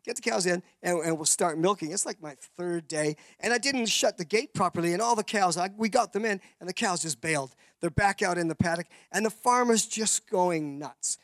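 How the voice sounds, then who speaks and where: A man's voice: high-pitched, lively intonation, normal speed, hardly any pauses, fairly bright tone, dry recording. A man from Canada, giving a rambling testimony sermon full of restarts and acted-out voices.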